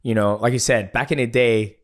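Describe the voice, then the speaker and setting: A man hosting a podcast, relaxed and chatty, often backing the guest with short replies and casual swearing. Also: medium pitch, fairly quick. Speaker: podcast host. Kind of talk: casual interview chat.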